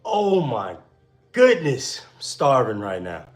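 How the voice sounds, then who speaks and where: A young man on a live stream, reading viewer messages aloud and answering them in slangy, laid-back banter. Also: lowish voice. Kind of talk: casual live-stream chat.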